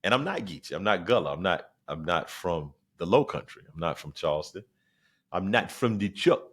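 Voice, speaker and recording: A man in his forties from South Carolina with a Southern accent, a stand-up comic hosting a podcast in a loose, slangy, animated monologue. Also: sits low, normal speed, husky. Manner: animated, slangy, repeats phrases. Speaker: podcast host, stand-up comedian.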